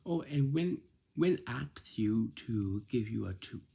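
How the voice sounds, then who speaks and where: A man's voice: medium pitch, lively intonation, slow pace, vocal fry, mellow, husky. A man giving casual workplace advice in a repetitive, scolding way, often checking with "right?". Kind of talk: casual instructive monologue.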